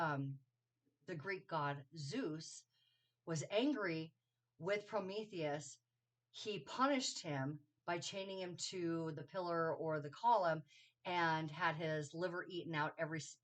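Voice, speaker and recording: A woman giving a casual spiritual astrology talk, rambling and correcting herself with lots of ums and okays. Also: fairly low pitch. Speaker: astrology teacher. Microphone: solo video to camera.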